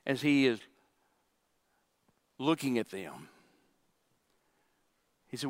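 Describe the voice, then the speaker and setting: A man's voice: mid-range voice, animated, slow pace, long pauses, big-room sound. A man preaching a sermon as pastor, emphatic, with repetitions and asides to the congregation.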